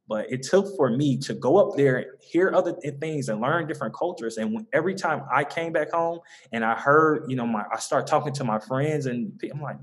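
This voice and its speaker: A man's voice: mid-range voice, fairly quick, hardly any pauses. This man speaks with a Southern American accent and a mid-range voice. He talks in an earnest, rambling way, circling back on his points with frequent ums and repeated words as he explains his mentoring work. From Southern United States. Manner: earnest, loose and repetitive, with frequent ums and restarts. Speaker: founder of a mentoring organization. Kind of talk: conversational interview answer.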